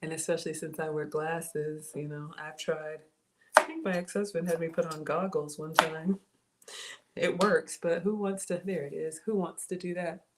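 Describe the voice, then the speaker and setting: A woman's voice: sits low, steady tone, normal speed. A woman home cook talking casually to her livestream viewers from her kitchen and greeting them by name, recorded on a phone. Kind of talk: casual cooking livestream chat. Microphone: cell phone and tablet. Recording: noisy phone livestream audio.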